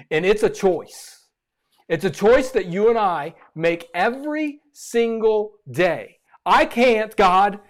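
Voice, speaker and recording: High-voiced man preaching a sermon. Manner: animated preaching, repeats phrases for emphasis. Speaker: pastor.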